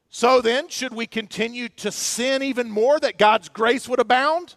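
A man delivers a sermon to his congregation in a noticeably high voice. He swings from loud emphasis down to hushed passages. The sound is close and dry, with no room echo. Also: unhurried, hardly any pauses. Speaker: pastor. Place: church.

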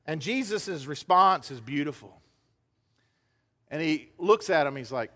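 Bright high-voiced male preacher in a hall. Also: animated, measured pace, pauses often. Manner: emphatic preacher, acts out quoted dialogue. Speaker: pastor. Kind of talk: sermon. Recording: hall reverb.

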